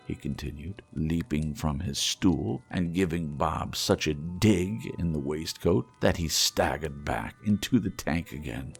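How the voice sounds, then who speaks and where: A man reading a classic story aloud, expressive and dropping to hushed asides. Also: very deep voice, a little slow, gravelly, hardly any pauses, husky, faint music behind. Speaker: audiobook narrator.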